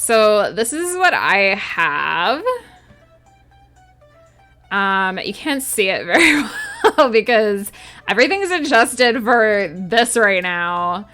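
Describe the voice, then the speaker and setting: A woman's voice: medium pitch, very animated, slow, pushed and bright, faint music behind. A woman streaming her writing work, chatting casually with viewers and answering their messages. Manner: chatty, reads chat aloud and answers viewers. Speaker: writer streaming her planning. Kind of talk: casual livestream chat with viewers.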